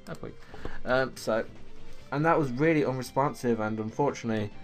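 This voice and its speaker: This teen gaming YouTuber speaks at a medium pitch and a little quickly, with faint music playing behind him. Sitting in his room at home with a desktop USB mic, he chats his way through loose stories while narrating an online game.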